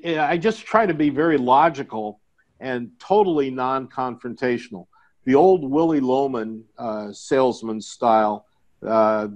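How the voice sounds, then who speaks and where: A middle-aged man talks through his business method in a relaxed interview, slipping in homespun stories and little jokes. His voice sits in an ordinary middle register. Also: medium pitch. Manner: folksy storytelling with jokes. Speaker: guest, IT sales consultant. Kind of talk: conversational podcast interview.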